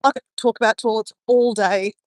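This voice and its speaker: A woman's voice: fairly high pitch, fairly even intonation, brisk, no echo, studio quality. A woman chatting to her live-stream viewers as she walks along a beach, rambling and greeting people by name. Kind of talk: casual live-stream chat. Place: outdoors on a beach.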